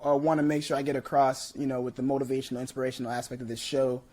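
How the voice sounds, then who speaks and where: A man's voice: mid-range voice, flat delivery, racing, a little mellow. A man hosting a podcast interview in an emphatic, encouraging way, often checking in with "you know what I'm saying.". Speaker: podcast host. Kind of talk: casual interview chat.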